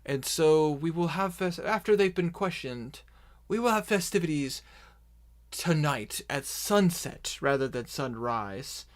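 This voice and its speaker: A grand, self-important orc herald, put on by a man in a tabletop game, speaking a little above his natural pitch. He stretches each proclamation out slowly and lets it hang over the crowd. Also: animated. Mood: proclaiming. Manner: slow, drawn-out proclamations. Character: male orc herald addressing a crowd, pompous.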